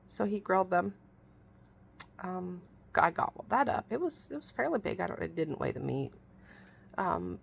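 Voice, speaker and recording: A woman's voice: medium pitch, vocal fry. A middle-aged woman telling a rambling story in a casual, folksy vlog, exasperated and chatty. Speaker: vlogger.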